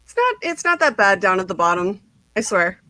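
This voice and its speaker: Female host, casual livestream chat, bright edgy tone, bubbly and giggly, dry close sound. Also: mid-range voice, sing-song, brisk, no room sound. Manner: bubbly, giggly storytelling with lots of "like".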